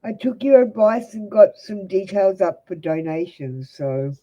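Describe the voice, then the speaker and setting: A woman's voice: medium pitch, expressive, unhurried, dark tone, muffled recording. An Australian woman giving blunt, direct tarot readings to viewers on a live stream. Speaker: tarot reader.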